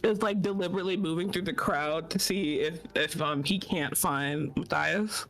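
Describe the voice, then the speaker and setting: A player describing their character's actions in a rambling, casual way, often laughing and filling pauses. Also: mid-range voice, a bit bright. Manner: rambling, laughing, with many fillers. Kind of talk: casual tabletop play.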